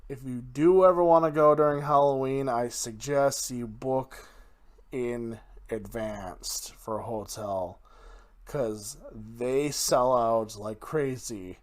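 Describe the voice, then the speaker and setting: A man's voice: mid-range voice, slow pace. A man hosting his own podcast in a casual, rambling solo talk, correcting his own slips and laughing at himself. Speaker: podcast host.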